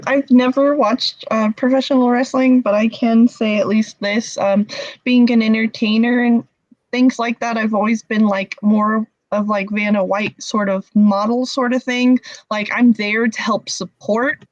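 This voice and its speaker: A woman guest who works as a convention entertainer, speaking in a hesitant, soft-spoken way with many fillers. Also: fairly high pitch, fairly even intonation, measured pace, no room sound. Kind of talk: casual interview chat. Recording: dull lo-fi audio.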